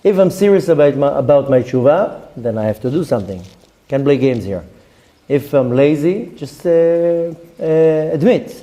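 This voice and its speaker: A man's voice: on the high side, lively intonation, normal speed, mellow. A middle-aged man giving an informal Torah class, talking conversationally with many fillers and restarts and acting out quoted voices. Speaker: rabbi teaching a Torah class. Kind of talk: informal Torah lecture with personal stories.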